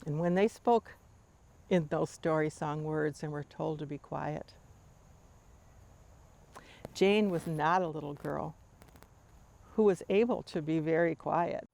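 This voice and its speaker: An older woman telling a family story to her grandchildren in a measured, tender way. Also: deep voice, gravelly, a little mellow.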